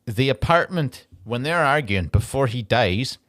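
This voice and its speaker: A man's voice: medium pitch, expressive, fairly bright tone. A man with an Irish accent co-hosting a comedy podcast, rambling and swearing as he mocks a film in casual chat. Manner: rambling, sweary, quick to mock in put-on quotes. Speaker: podcast co-host.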